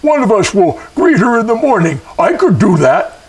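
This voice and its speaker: A man voicing a strange, unseen island spirit who talks in a slow, drawn-out, booming way. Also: big pitch swings, darkish tone, recorded from a distance. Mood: eager.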